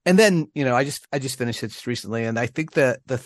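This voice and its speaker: A man's voice: medium pitch, fast talker, no echo. An American man co-hosting a casual podcast chat, rambling with many restarts and laughs. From United States. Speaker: podcast co-host.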